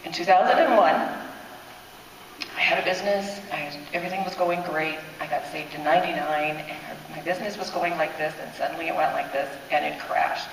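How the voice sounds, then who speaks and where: A woman's voice: sits low, brisk, slight background noise. Woman sharing her faith story at church, heartfelt and breathless, distant in a big reverberant hall. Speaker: church testimony speaker. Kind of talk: personal testimony. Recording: echoey hall, speaker far from mic.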